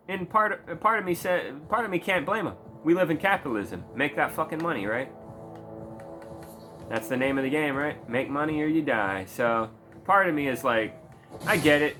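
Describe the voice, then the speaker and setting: A man's voice: medium pitch, pushed and bright. A man ranting in a casual commentary video, heated and sarcastic, swearing often. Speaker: video creator.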